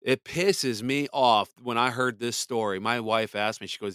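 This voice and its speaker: A man's voice: mid-range voice, normal speed, fairly bright tone, clear, resonant tone, no echo. A man hosting a podcast, ranting in blunt, profane, heated commentary. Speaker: podcast host. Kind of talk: angry commentary.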